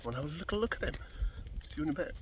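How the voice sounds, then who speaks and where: A man's voice: a little high, animated, racing, highs cut off, a little hiss or hum. A man vlogging a fishing session outdoors at a pool, in a chatty, rambling, easygoing way. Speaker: angler vlogger. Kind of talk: casual fishing vlog.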